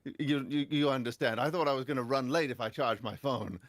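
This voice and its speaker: A young man tells a comic story on a casual podcast panel. He swears often, and his voice swings widely in pitch and loudness. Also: brisk, no room sound. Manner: animated, profane, big swings in pitch and volume. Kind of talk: comedic storytelling in casual chat.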